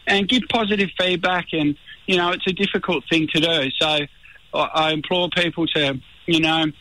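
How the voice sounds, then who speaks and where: An Australian man, a reality show contestant, chatting in a relaxed radio interview and saying "mate" often. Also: a little high, moderate pace, no echo, rough recording. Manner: laid-back, says mate a lot.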